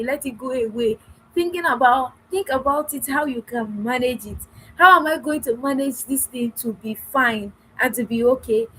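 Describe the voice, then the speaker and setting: A woman's voice: high-pitched, a bit bright, rough recording. A woman giving an earnest talk to wives about communicating in marriage, acting out small dialogues and repeating phrases. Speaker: marriage coach.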